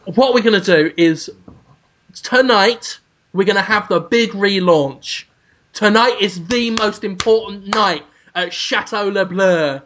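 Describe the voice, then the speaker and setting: A man's voice: high-pitched, slow, a bit bright. A man voicing a two-faced, foul-mouthed celebrity chef who sneers and swears, on dull lo-fi podcast audio. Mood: boastful.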